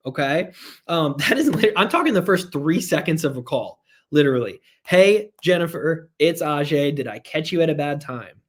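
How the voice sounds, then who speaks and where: Running a live online sales training, a man with a somewhat high, slightly rough voice talks energetically. He keeps repeating his key points for emphasis and interacts with viewers throughout.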